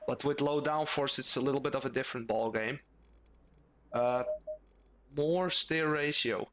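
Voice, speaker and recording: A man's voice: mid-range voice, measured pace, fairly bright tone. A young man streaming a sim race, thinking aloud casually as he drives and tunes his car setup. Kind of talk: live-stream commentary while driving.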